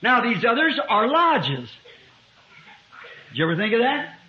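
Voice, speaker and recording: High-voiced preacher on an old muffled tape. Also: male voice, wildly swooping pitch, a little slow, slight background noise. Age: 50s. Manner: rises to loud emphatic preaching, drops to quiet asides. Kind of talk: sermon. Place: church before a congregation. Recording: muffled lo-fi 1960s sermon tape.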